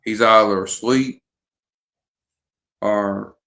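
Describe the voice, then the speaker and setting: A man's voice: on the low side, steady tone, drawn-out words, vocal fry, pushed and bright. A man vlogging in a casual chat to camera, rambling and hesitant with frequent restarts.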